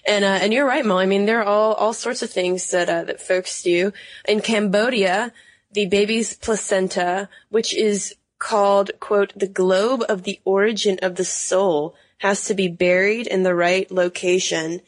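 A woman's voice: mid-range voice, fairly even intonation, a little slow, dry recording. A woman co-hosting a podcast in casual chat, wry and questioning, laughing often. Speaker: podcast co-host.

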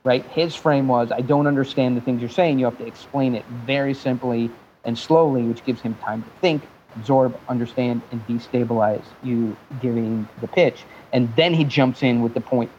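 A man guest telling an animated, joking business story with some profanity, now and then slipping into mimicked accents. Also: mid-range voice, moderate pace, highs cut off, a little hiss or hum. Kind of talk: animated storytelling in a podcast interview.

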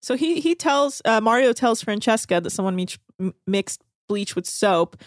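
A woman recapping a reality show in casual chat, animated and laughing often as she acts out quotes. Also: fairly high pitch, normal speed, no room sound, clean studio sound.

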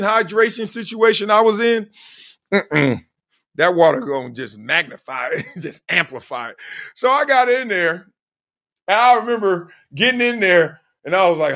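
Animated man telling a comic story. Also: high-pitched. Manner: animated, laughs often, acts out quoted voices. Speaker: podcast host. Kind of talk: comedic storytelling monologue.

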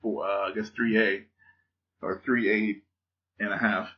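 Male podcast co-host, lowish voice, halting delivery with frequent fillers, dull lo-fi sound. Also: flat delivery. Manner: hesitant, many fillers and restarts, laughs often. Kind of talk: casual chat reviewing TV shows. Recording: dull lo-fi audio.

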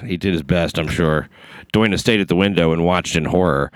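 Deep-voiced sardonic New man. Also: moderate pace, smooth, no echo, clean studio sound. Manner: sardonic, profane, riffing asides. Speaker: podcast host reading news. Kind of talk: casual comedic news chat.

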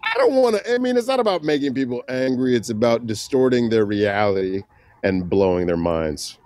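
A man being interviewed, telling a story with laughs and acting out the people he quotes in loud voices. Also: medium pitch, big pitch swings, a little fast, dry recording, clean studio sound. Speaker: guest, comedian and prank filmmaker. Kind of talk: animated anecdote telling.

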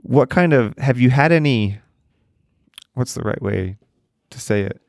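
A man hosting a podcast, asking the guest questions in a measured, casual way and searching for the right words. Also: medium pitch, animated, a little mellow, no room sound, studio quality. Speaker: podcast host.

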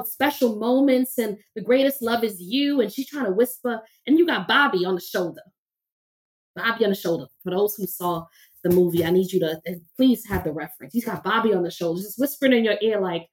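A woman who is a therapist and minister appears as a podcast guest in a conversational interview, speaking emphatically with preacher-like repetition. Her voice is medium-pitched, animated and fairly quick.

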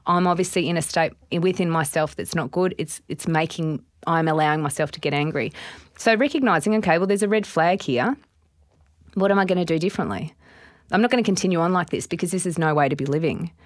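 A middle-aged Australian woman guest speaks with a low voice at a quick clip. She tells stories casually and animatedly, acting out her inner thoughts. The sound is dry and close. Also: dry recording. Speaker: guest, business owner. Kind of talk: casual podcast interview.

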